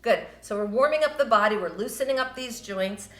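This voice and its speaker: A woman teaching a yoga class, guiding breathing and stretches in a gentle, encouraging, loosely conversational way. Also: a little high, a little fast. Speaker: yoga instructor. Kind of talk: guided yoga class instruction. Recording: roomy with soft music behind.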